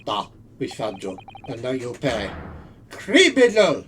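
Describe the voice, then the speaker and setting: A man's voice: lowish voice, a little slow, a little hiss or hum, pitched below the performer's own voice, natural voice. A man voicing a threatening male interrogator with a put-on Russian accent and broken English. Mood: menacing. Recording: game music behind.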